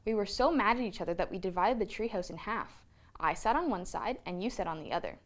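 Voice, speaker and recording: A woman voicing a thoughtful young girl bear cub in a storybook reading, gentle and reasonable. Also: mid-range voice, lively intonation, fast, natural voice.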